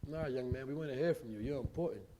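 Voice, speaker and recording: A man from the United States preaching live in a mosque, with a mid-range voice. His talk is loose and informal, with plenty of slang. He swings from loud, punchy lines to very quiet, intimate ones. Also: medium pitch, quick pace, a little hiss or hum. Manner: informal street-style speech with big swings of volume. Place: mosque hall.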